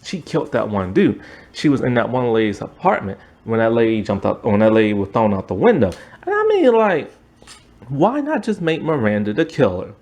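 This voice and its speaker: A man giving a casual, animated recap and review of a TV series, acting out the characters' lines in quick asides and breaking into exasperated outbursts. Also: medium pitch. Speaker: show reviewer.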